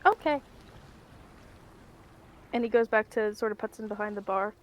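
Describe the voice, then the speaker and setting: A woman's voice: mid-range voice, moderate pace, noisy background. A woman running a tabletop game as game master. She narrates in a rambling way, with lots of ums and restarts.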